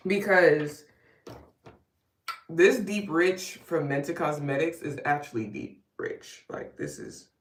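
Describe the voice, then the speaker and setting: Her voice sits low and is very animated, though she speaks at a slow pace. She's a vlogger doing her makeup at home on a live get-ready stream, chatting casually and rambling with wry asides. The sound is roomy, from a distance.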